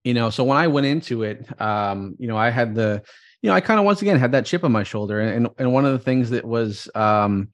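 A man speaking quickly as a podcast guest, piling up fillers and restarts. His tone stays upbeat and casual. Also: mid-range voice, lively intonation. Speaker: guest entrepreneur. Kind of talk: interview conversation.

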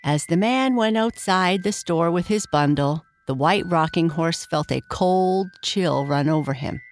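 A woman reading a children's story aloud, gently lifting her pitch for the characters. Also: measured pace, slight background noise.

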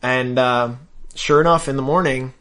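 A man's voice: mid-range voice, normal speed, fairly bright tone. A man co-hosting a casual chat, recapping a show and acting out the characters' lines in a raised voice.

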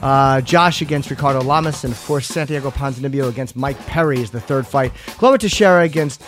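A man's voice: mid-range voice, fairly quick, soft background music. A man hosting a podcast in casual chat, loose and stumbling, swearing now and then. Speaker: podcast host.

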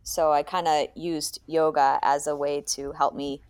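Relaxed low-voiced woman in her thirties. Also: unhurried, clear, resonant tone, no room sound. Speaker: podcast guest, yoga teacher and nurse. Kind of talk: casual interview chat.

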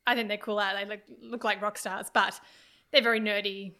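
A woman's voice: medium pitch, flat delivery, a little fast, pushed and bright. A woman, chatting enthusiastically as a podcast guest and telling a story with many fillers. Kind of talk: casual chat.

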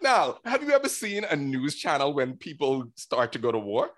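An animated man chatting casually on a podcast. His pitch sits in the middle, and he keeps slipping into playful voices to act out characters. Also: normal speed, dry recording, studio quality. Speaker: podcast co-host. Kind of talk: casual chat.

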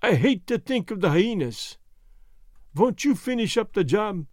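A man's voice: sits high, big pitch swings, measured pace, darkish tone, no room sound, studio quality, pitched above the performer's own voice, exaggerated voice. A man voicing a wounded, dying Swedish sailor who speaks weak, broken English in a near whisper. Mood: resigned.

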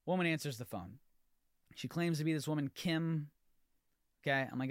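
A man hosting a podcast, telling an animated, exasperated story in a ranting solo monologue with many restarts. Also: medium pitch, fairly quick, pauses often, dry recording, clean studio sound. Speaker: podcast host.

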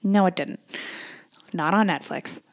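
A woman's voice: fairly low pitch, a little slow. Blunt, swearing woman podcast co-host. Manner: blunt, swearing, animated when ranting. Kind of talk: casual chat.

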